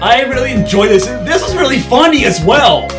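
A man doing casual reaction commentary, excitable and giggly, stammering and repeating himself. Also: extremely high pitch, normal speed, over music. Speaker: reaction video host.

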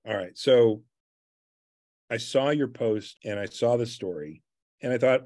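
A man's voice: mid-range voice, unhurried, a little mellow, no echo, studio quality. A man hosting an interview, attentive, summing up a story before inviting his guest to share it. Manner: attentive questioner who sums up the story before asking. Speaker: interview host.

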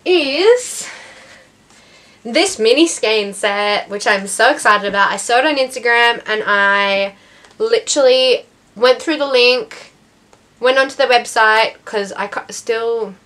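Speaking slowly in a fairly bright, higher-pitched voice, a young woman from Australia rambles through her knitting podcast with plenty of ums and false starts. She has the hiccups throughout this casual conversation.

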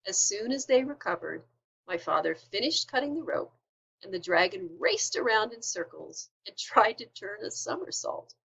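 A woman teacher reading a children's storybook aloud with expressive delivery. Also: medium pitch, normal speed, vocal fry, slightly rough, dull audio.

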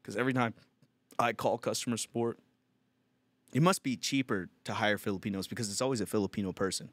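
A man's voice: fairly low pitch, fairly even intonation, fast, dry recording. A man hosting a comedy podcast, talking in a crude, rambling, laid-back way. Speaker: podcast host. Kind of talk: casual podcast chat.

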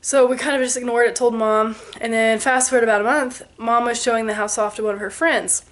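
A young woman in her twenties tells a spooky story straight to her viewers. Her voice sits a little on the high side. She tells it with animation, mimicking creaks and knocks and slipping into the voices of the people in it. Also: fairly quick. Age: 20s. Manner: animated, with sound effects and quoted voices. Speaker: vlogger. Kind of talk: telling a ghost story to camera.

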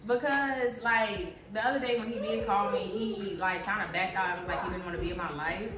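A woman's voice: mid-range voice, fairly even intonation, a little fast. A woman with a Southern US accent, coaxing her children and then hesitantly confiding in her husband in a home vlog. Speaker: vlogger, wife and mother. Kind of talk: casual family chat. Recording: echoey room with background noise.

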